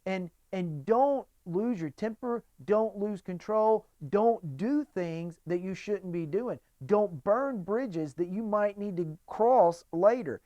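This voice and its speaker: A man's voice: high voice, darkish tone, no echo, lo-fi sound. A middle-aged man giving a casual, conversational sermon as a pastor, acting out quotes in voices.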